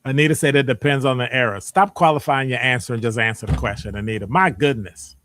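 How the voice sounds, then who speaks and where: Animated Midwestern man hosting a live session. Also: mid-range voice, fast talker, slight background noise. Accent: Midwestern American. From American Midwest. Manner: animated, jokey, teasing the audience. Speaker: presenter reading audience answers. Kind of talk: live-streamed lecture with chat.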